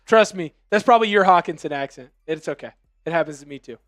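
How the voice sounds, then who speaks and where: A high-pitched man hosts a live football stream, chatting with viewers and his co-host. He is jokey and energetic, and he shouts when his team scores. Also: fast talker, no room sound, clean studio sound. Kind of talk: excited live game commentary and chat. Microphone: headphones with mic.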